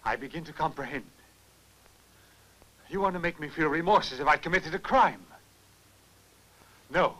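An actor in a dubbed film playing a distraught young man who pleads and accuses and breaks into anguished shouts. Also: on the high side, normal speed, pauses often, poor audio. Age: young adult. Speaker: young man confronting a professor.

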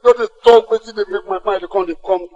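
An actor playing an agitated gang member with a Nigerian accent. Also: male voice, high-pitched, steady tone, fast, warm tone, muffled recording, lightly acted. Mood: sullen. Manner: insistent, emotional, speaks Pidgin English. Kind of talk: Nollywood film acting.

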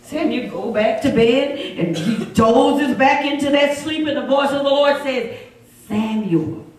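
High-voiced woman preaching in echoey church. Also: measured pace. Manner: animated, swings from low storytelling to shouted exhortation. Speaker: evangelist. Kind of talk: storytelling sermon. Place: church sanctuary. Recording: echoey church sound from a distance.

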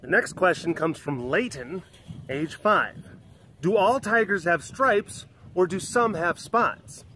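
A man's voice: high voice, expressive, slow, sharp tone, slight background noise. A man who keeps big cats answers children's questions outdoors by the enclosures, patiently and simply, and addresses each child by name. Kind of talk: explaining to preschoolers.

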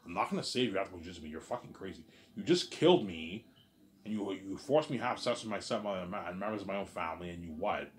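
Low-voiced man, intense rambling solo talk, repetitive, trails off quietly, faint hiss behind. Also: lively intonation, fast. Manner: intense, swearing. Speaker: vlogger.

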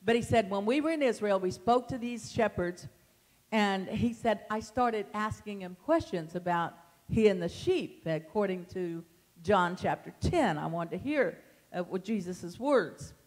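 A woman leading a Bible study, reading scripture aloud in a tender, animated way. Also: medium pitch, a little slow. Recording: long hall reverb.

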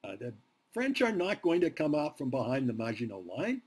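Male history professor in a classroom, lively swooping delivery, slightly husky, drives points home with rhetorical questions. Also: mid-range voice, normal speed. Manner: emphatic, asks rhetorical questions. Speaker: history lecturer. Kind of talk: university lecture.

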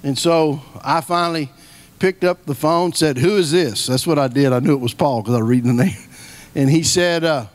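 A man's voice: fairly high pitch, animated, moderate pace. A middle-aged man preaching a sermon, telling stories in a folksy way and repeating key phrases for emphasis. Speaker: guest preacher.

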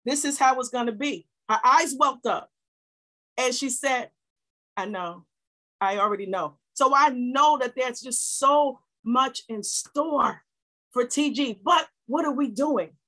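A woman pastor preaching a sermon to her church, exhorting and repeating her points, rising to shouts. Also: sits high, low-quality recording.

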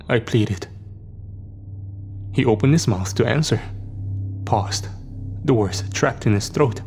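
A man's voice: mid-range voice, takes it slowly, creaky, pauses often, darkish tone. A man telling a horror story in a tense, dramatic scripted narration. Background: faint music.

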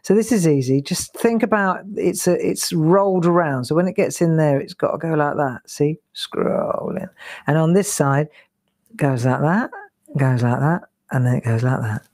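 A woman with a low voice talks viewers through drawing scrolls on a live craft stream. She counts her strokes aloud, chats easily and jokes at herself when she slips up. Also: moderate pace, darkish tone. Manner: chatty, self-deprecating, counts strokes aloud. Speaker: craft tutor. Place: home craft studio.

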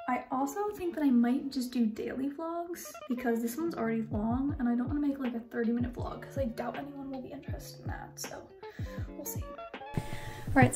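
A woman's voice: high-pitched, a little mellow. A young woman vlogging her day in a chatty, self-mocking way, sometimes dropping to a near whisper. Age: young adult. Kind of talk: casual vlog chat.

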